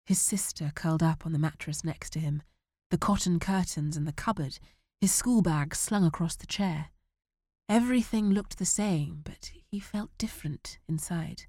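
Female audiobook narrator, measured and dramatic, lower pitch, dry close recording. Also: dark tone, dry recording.

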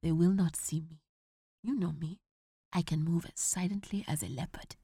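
Calm, reassuring father figure in a storybook, low and soft-spoken, read by a woman. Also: normal speed, husky, no room sound, clean studio sound. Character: calm, steady African ranger father.

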